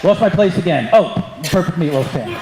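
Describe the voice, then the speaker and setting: A man's voice: fairly high pitch, animated, brisk, a crowd in the background. A man doing a stand-up set on a club stage, brash and profane as he teases the audience. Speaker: stand-up comedian. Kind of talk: stand-up set with crowd work. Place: comedy club stage before a live audience. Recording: echoey club with audience laughter.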